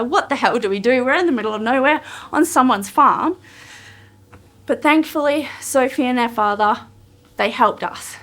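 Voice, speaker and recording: An Australian woman telling a personal story with emotion, acting out the dialogue in a lively way. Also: a little high. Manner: emotional, animated retelling of dialogue. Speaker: podcast guest telling her running journey.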